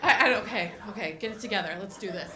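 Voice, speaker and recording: A woman's voice: mid-range voice, fast, background noise. A young woman doing stand-up comedy, giggling and breaking off her own sentences with nervous laughs. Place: comedy club stage. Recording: roomy echo of a comedy stage.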